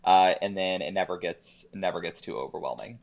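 A man guesting on a podcast, explaining his program in a relaxed, chatty way. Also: sits low, a little fast, creaky. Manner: relaxed, chatty, uses "like" and "um" a lot. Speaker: podcast guest, business coach. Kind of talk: casual interview chat. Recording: dull lo-fi remote call.

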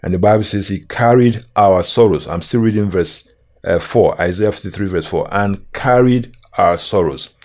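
Slow and emphatic, a man preaches a sermon, reading and quoting scripture with measured repetition. His voice is fairly low and slightly mellow.

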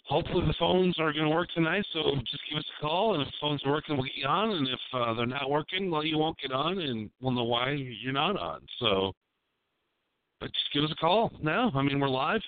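A man's voice: on the high side, expressive, fairly quick, slight background noise. A man hosting a live call-in radio show, talking in a rambling, crude and provocative way. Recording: dry tinny phone-like sound.

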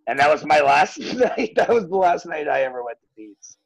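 A man's voice: a little high, normal speed, gravelly, breathy edge, no echo, dull audio. A man telling a story in casual chat, full of fillers and swearing, acting out what others said. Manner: animated, swearing, many fillers, acts out voices.

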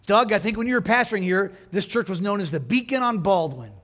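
A man's voice: sits high, lively intonation, fast talker, fairly bright tone. A man preaching a sermon to his congregation, conversational and direct, asking them questions and building to emphatic points. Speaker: pastor.

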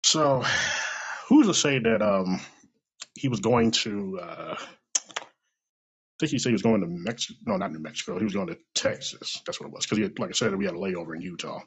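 A man's voice: on the low side, brisk, pauses often, husky. An American man, middle-aged, telling a personal story in a casual monologue, swearing, laughing and acting out what people said. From United States. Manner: animated, swears, laughs, acts out dialogue. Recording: dull lo-fi recording.

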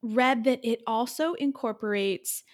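Upbeat higher-voiced woman host. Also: measured pace. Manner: curious, upbeat questioner. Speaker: podcast host. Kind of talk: casual interview chat.

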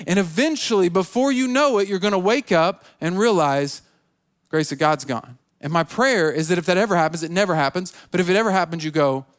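High-voiced man preaching a lively sermon. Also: brisk. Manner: animated storytelling, acting out biblical characters. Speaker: pastor.

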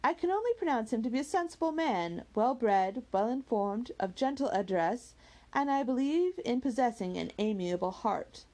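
A woman voicing a calm, sensible young woman who speaks softly and reasons carefully. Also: fairly high pitch, pitched above the performer's own voice, close to an everyday voice. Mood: reasoning. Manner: measured, soft, reasoning.

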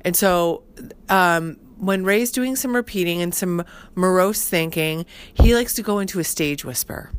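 A middle-aged woman with a somewhat low voice tells a personal story in relaxed, casual chat. She rambles and keeps filling gaps with "like" and "you know". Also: unhurried, clean tone. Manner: chatty, heavy use of fillers like "like" and "you know". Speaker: podcast host.

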